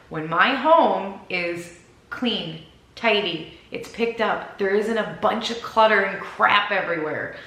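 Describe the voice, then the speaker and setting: A woman with a Minnesota accent talks to her camera in a loose, rambling vlog, laughing at her own asides. Her voice is bright and forceful, neither high nor low. The room has a noticeable echo. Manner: rambling, giggly, self-deprecating. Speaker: vlogger. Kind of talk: chatty vlog talk to camera.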